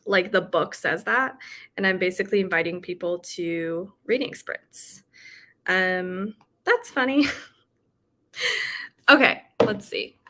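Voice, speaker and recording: A woman's voice: on the low side, slow pace, pauses often, pushed and bright. A woman hosting a casual livestream, chatting about books and reading viewer comments with lots of fillers. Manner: chatty, with frequent fillers and laughs. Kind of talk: casual chat.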